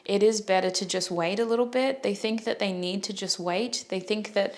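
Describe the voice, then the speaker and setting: A woman's voice: mid-range voice, moderate pace. A woman giving a casual tarot reading, chatty and joking, breaking off to apologize and correct herself. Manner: chatty, jokey, self-interrupting. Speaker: tarot reader.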